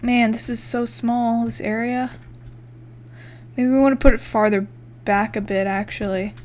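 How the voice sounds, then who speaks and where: A woman's voice: a little high, fairly even intonation, measured pace, darkish tone. A young woman giving casual let's-play commentary, chatting, swearing freely and counting blocks aloud as she builds. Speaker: gaming YouTuber.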